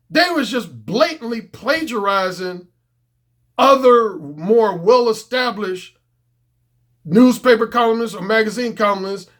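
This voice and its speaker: A man's voice: high-pitched, a bit bright. A middle-aged man, a dating coach, talking bluntly and profanely in a casual unscripted monologue.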